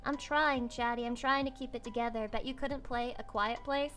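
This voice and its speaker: A woman livestreamer chatting casually with her viewers, excitable and swearing freely. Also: on the high side, normal speed, soft background music. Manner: excitable and swearing, with squeals and laughs.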